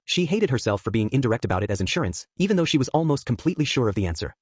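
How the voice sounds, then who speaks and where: Male audiobook narrator; brisk, slightly husky read. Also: medium pitch, very animated, dry recording, clean studio sound.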